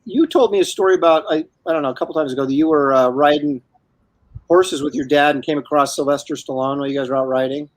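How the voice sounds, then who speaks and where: A man hosts a loose, easygoing chat, his voice sitting a little high. He rambles, stops and restarts his thoughts, and chuckles along the way. The sound is close and dry, with no room around it. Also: fast, no echo. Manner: rambling, self-interrupting, chuckles often. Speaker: host. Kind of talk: casual chat while drawing.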